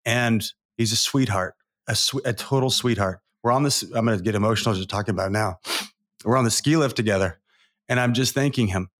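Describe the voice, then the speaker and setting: His voice is on the low side and fairly bright, and he talks fairly quickly. A Southern California man in his forties, he's a guest coach on an interview show, rambling through personal stories with earnest emotion in candid interview storytelling.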